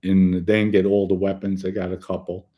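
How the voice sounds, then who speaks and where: A man's voice: low voice, little pitch movement, fairly quick, mellow. A man hosting a podcast, telling crime stories in a casual, blunt and profane way and acting out the lines he quotes. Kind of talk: casual storytelling monologue.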